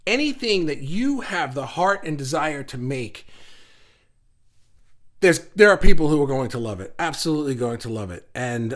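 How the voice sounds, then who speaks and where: A man with a fairly high voice hosts a casual livestream for an art group. He responds to viewer comments in an encouraging way, and he often stumbles and repeats words as he talks.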